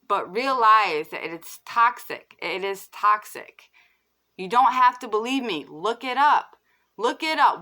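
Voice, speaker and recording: A woman's voice: fairly high pitch, pushed and bright. A woman vlogger delivering a heated, insistent opinion rant to camera, repeating her points and filling with "like". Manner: heated and insistent, repeats herself, many fillers of "like".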